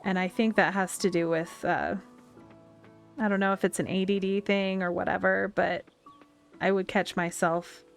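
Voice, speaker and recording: A woman's voice: mid-range voice, fairly even intonation, normal speed, creaky, smooth. Woman streamer, Western US twang, rambling and chatty, faint music behind. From United States. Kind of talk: casual chat while playing a game. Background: faint game music.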